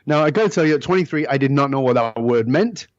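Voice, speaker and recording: A man's voice: mid-range voice, animated, fast talker, dull audio. A middle-aged man telling stories as a podcast guest, emphatic and blunt, with the occasional curse word. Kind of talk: storytelling in a podcast interview.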